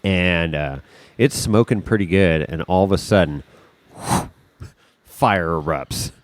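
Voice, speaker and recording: A man, a podcast guest, telling a story in a casual, animated way, swearing freely and acting out the scene. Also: deep voice, takes it slowly, dry recording.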